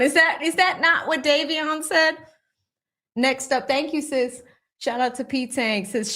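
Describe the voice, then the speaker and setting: A woman hosting a casual livestream, reading viewer comments aloud and laughing as she mocks the people she talks about with quick impressions. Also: fairly high pitch, pushed and bright. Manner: reads viewer super chats aloud, laughing and mocking. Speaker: livestream host.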